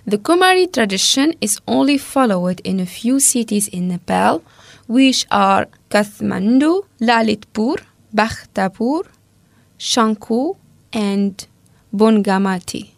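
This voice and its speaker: A woman co-hosting a casual talk, reading researched notes aloud steadily and pausing over hard names. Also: mid-range voice, lively intonation, gravelly, dry recording.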